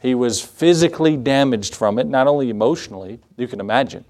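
A man's voice: medium pitch, fast, a little mellow. A middle-aged male pastor preaching a sermon in a conversational, storytelling way, with fillers and asides.

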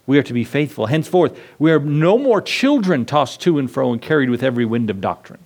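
A man's voice: medium pitch, sing-song, a little fast, a little mellow. Man preaching a conversational sermon. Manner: conversational preaching, asks the congregation questions. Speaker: pastor.

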